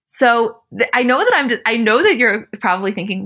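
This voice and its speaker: Bright-voiced young woman podcast co-host. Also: a little high, a little fast. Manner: animated, acts out quotes with a lifted voice. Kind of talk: casual chat recapping a reality show.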